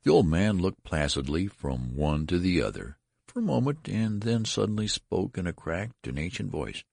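A man narrating an audiobook story in a measured, expressive way. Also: deep voice, creaky, dry recording, clean studio sound.

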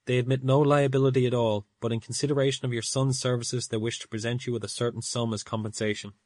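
A man's voice: medium pitch, little pitch movement, quick pace, no room sound, lightly acted. A man reading an uneasy formal messenger. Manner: quiet, formal, hesitant. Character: ill-at-ease male visitor, formal messenger.

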